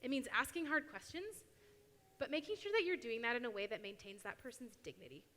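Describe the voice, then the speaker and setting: A young woman gives a casual, lively church talk and acts out little quotes as she goes. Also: a little high, brisk. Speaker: youth speaker at church. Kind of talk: sermon talk. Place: church hall. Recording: long hall reverb.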